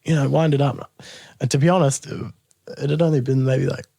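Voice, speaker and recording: This Australian guest musician has a medium-pitched, creaky, husky voice and talks fairly quickly. The recording is dry and studio quality. Laughing often in a relaxed interview, he tells a lively story and acts out other people's quotes.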